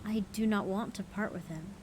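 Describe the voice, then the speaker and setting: A woman's voice: mid-range voice, moderate pace, background noise, close to an everyday voice. A woman voicing an earnest traveling man in a storybook, in her own plain voice. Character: traveling man, loyal bird owner.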